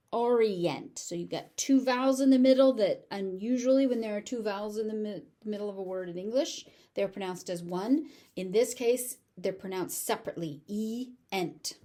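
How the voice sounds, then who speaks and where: A woman with an American accent teaching pronunciation, saying each word several times in a slow, careful drill. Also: medium pitch, mellow. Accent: General American. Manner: repeats each word slowly, syllable by syllable.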